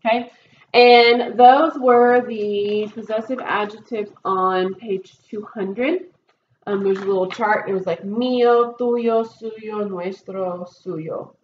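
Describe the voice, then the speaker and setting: A woman's voice: mid-range voice, fairly even intonation, slow pace. Woman teacher, patient, explanatory, roomy classroom, dull recording, faint noise. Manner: patient, explanatory, many ums and okays. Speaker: Spanish teacher. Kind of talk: recorded test review lesson.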